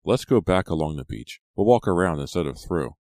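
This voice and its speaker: A man's voice: low voice, expressive, a little fast, a little mellow, dry recording, studio quality. A man reading an audiobook, voicing a jokey but stern adult male camping advisor with a hearty, bossy manner. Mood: jovial.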